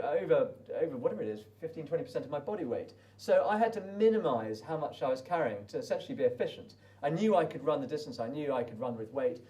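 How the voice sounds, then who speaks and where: A man's voice: medium pitch, a little mellow, distant mic. A British man, a desert race runner, telling his story in a chatty, rambling way full of restarts. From Britain. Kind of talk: casual spoken recollection.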